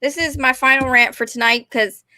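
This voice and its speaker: A young woman with a drawl rambles through a casual rant, often apologizing and putting herself down. Her voice is high and bright. The sound is dry and close. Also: fairly even intonation, moderate pace, no room sound. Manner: rambling, apologetic, self-deprecating. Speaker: vlogger.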